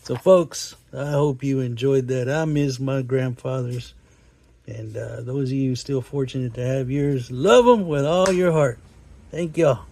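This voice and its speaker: A man's voice: mid-range voice, unhurried, a little mellow. A man reading comic strips aloud in a folksy, chuckling way. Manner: chuckling, folksy, reads lines in put-on voices. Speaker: comic reader host.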